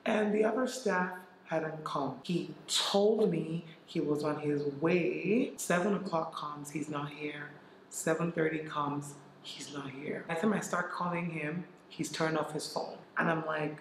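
A man's voice: fairly high pitch, steady tone, measured pace, a bit bright, slight background noise. A young man from Nigeria, a vlogger, candidly retelling a stressful experience to camera with lots of reported speech. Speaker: vlogger and former caterer. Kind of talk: casual storytelling to camera. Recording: echoey room.

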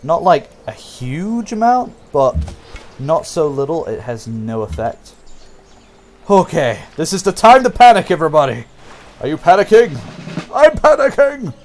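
A young man casually commenting on a strategy game as he plays, thinking aloud, humming and breaking into excited outbursts for viewers. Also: medium pitch. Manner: talks to himself and viewers, hums, excitable outbursts. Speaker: gameplay commentator. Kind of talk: casual let's-play commentary.

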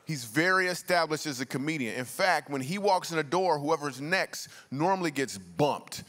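A man's voice: fairly high pitch, expressive, normal speed, fairly bright tone. A man, a comedian and guest speaker, telling funny stories to a church congregation in a loose, slangy, conversational way. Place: large church auditorium. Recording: long reverb of a large church hall.

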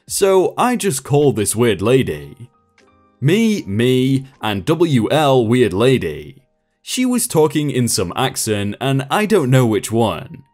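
A man reading online stories aloud with an expressive storytelling delivery. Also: medium pitch, takes it slowly, faint music behind. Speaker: story narrator.

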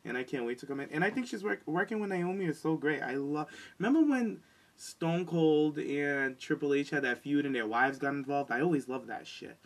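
A man co-hosting a podcast, chatting in a sassy, animated way and mocking people with quoted lines. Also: fairly high pitch, brisk, low-quality recording. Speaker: podcast co-host. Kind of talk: casual chat.

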